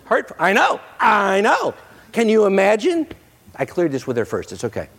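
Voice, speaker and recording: Male pastor, sermon delivery, lively swooping pitch, slightly high voice, joking with the congregation. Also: normal speed. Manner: animated, jokey preacher with playful put-on quotes. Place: church sanctuary with congregation.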